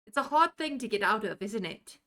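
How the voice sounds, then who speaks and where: A woman's voice: mid-range voice, expressive, brisk, a bit bright. A woman live streamer chatting casually with her viewers in a put-on British accent, answering chat messages aloud from home. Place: home room.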